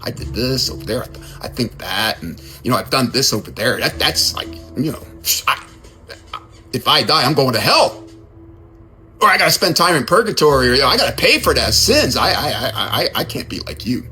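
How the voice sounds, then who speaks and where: A man voicing an anxious, guilt-ridden follower who stammers and speaks in a hush. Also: mid-range voice, moderate pace, soft background music, natural voice. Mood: guilty. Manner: hushed, stammering, self-doubting.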